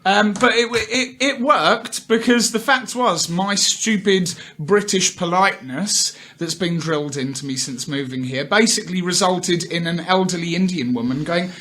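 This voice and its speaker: Irish guy on a podcast, high voice, tells a story with lots of little voices for people. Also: moderate pace, hardly any pauses. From Ireland. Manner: animated anecdote-telling, puts on voices for quoted people. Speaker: podcast co-host. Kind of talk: casual chat, storytelling.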